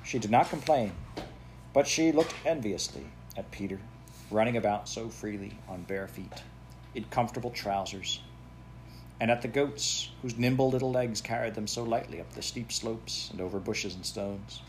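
A man narrating a children's classic aloud in a steady, plain storytelling manner. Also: on the low side, moderate pace, slight background noise. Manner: steady, plain storytelling with a few self-corrections. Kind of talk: audiobook reading of a children's classic.

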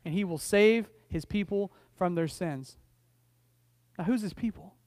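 Middle-aged male pastor, high voice, chatty anecdotes that swell into emphatic preaching, many restarts. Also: measured pace, a little mellow, dry recording. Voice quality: frequent restarts and repeated words. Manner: conversational, storytelling preacher who rises to emphatic declarations. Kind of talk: sermon.

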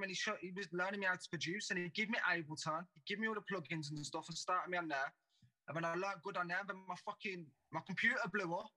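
A young man, his voice sitting high and bright with a hard, cutting edge. He tells sweary stories at a rapid clip in a relaxed podcast chat. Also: rough recording. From Birmingham, England. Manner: fast, sweary storytelling. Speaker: podcast guest. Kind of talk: casual chat.

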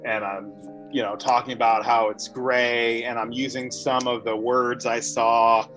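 A man playing a bard in a tabletop game, relaxed as he describes his actions. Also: mid-range voice, measured pace, faint music behind. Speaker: player.

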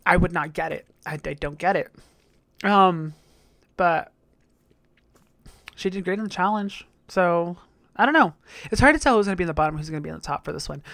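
A woman hosting a casual recap of a TV episode, talking bluntly and campily, swearing often and getting loud when excited. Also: on the low side, moderate pace, no echo, clean studio sound. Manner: blunt, campy, swears a lot. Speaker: show recap host. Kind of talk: casual profane TV recap commentary.

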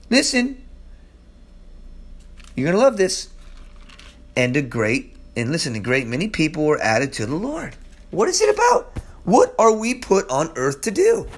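A man preaching an informal Bible-study sermon, swinging between loud exclamations and low, quiet murmurs.

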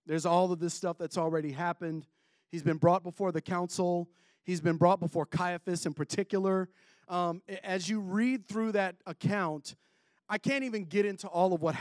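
A male preacher gives a sermon in a casual manner, breaking off for joking asides. His voice sits high for a man. The recording is dry and close. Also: darkish tone, no room sound.

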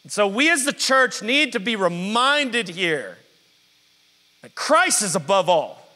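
A man preaching a lively call-and-response sermon, stretching out scripture words for emphasis. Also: sits high. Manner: energetic, drawn-out emphasis on scripture. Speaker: pastor. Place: church sanctuary. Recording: live sermon in a reverberant hall.

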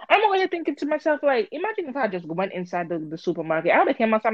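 Animated woman telling a story, harsh voice. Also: medium pitch, fast, few pauses, no echo, highs cut off. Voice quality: harsh-sounding voice. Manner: animated, swearing, acts out both sides of the story. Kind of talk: casual storytelling chat.

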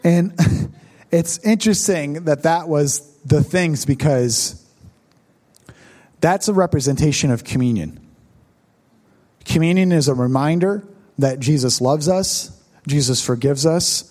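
Man preaching a story, mellow tone. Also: on the high side, unhurried, pauses often. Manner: storytelling, conversational with congregation asides. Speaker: pastor. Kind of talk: sermon with personal story.

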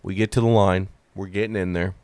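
A man telling a long comic story in a profane, animated way, acting out the lines of the people in it. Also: low-pitched, fairly quick, smooth, dry recording. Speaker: comedian. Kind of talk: stand-up storytelling.

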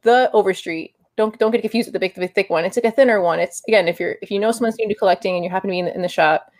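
A woman's voice: medium pitch, racing, a little mellow, no room sound, clean studio sound. A woman co-hosting a casual podcast chat about comic books, rambling with frequent restarts. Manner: rambling, many restarts, self-described nerd. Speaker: podcast co-host.

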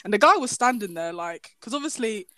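A young woman telling a story in casual chat, animated, swearing, breaking into laughter. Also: mid-range voice, fairly quick, no echo.

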